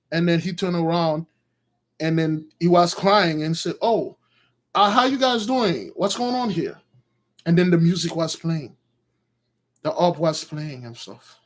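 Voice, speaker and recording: Excitable man retelling scripture. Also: fairly high pitch. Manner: excitable, slangy, addresses listeners as brothers. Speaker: preacher retelling a Bible story. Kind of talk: animated storytelling with commentary.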